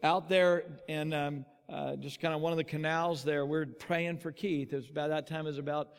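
Male preacher, animated storyteller, highish voice, long hall reverb. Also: normal speed, clean tone. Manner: animated storytelling, acting out quotes. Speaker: pastor. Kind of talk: sermon.

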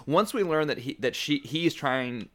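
A man's voice: fairly high pitch, lively intonation, moderate pace, a bit bright. A man in a casual film discussion, thoughtful and hedging his opinions. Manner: thoughtful, hedging, many "like" fillers.

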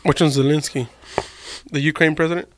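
A man's voice: on the high side, fairly even intonation, fairly quick, slight background noise. A man in casual chat with friends, swearing freely and laughing as he talks. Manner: profane, laughing banter.

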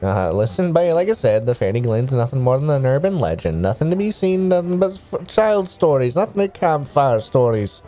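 Gruff Scottish gardener, folksy, lively lilt, mellow tone played by a man. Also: mid-range voice, normal speed, few pauses, faint music behind, natural voice. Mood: gossipy. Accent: put-on Scottish. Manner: folksy, calls people "boy". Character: gruff chatty male village gardener.

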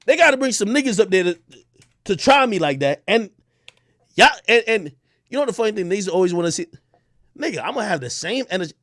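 Loud, boastful man on a high-pitched rant. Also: sing-song, fast talker, pauses often, no echo, studio quality. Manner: loud, boastful, profane trash talk. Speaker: online personality. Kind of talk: ranting to camera.

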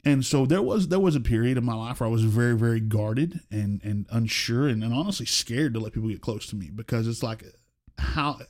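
A man's voice: mid-range voice, expressive, brisk, few pauses, darkish tone. Earnest storytelling pastor in his forties. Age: 40s. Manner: earnest storytelling, acts out quoted voices. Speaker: senior pastor. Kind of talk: casual interview conversation.

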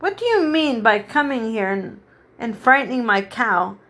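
A woman voicing a cross little china milkmaid who scolds loudly, in a storybook reading. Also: on the high side, sing-song, moderate pace, exaggerated voice. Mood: angry. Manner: scolding and loud.

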